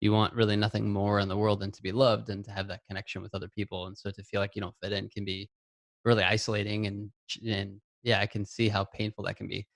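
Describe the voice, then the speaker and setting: A man's voice: on the low side, monotone, quick pace, creaky, dry recording. A man hosting an interview, enthusiastic and affirming, reflecting back on what his guest says; he is a father of a young child. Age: adult, father of a young child. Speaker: interview host. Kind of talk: conversational interview.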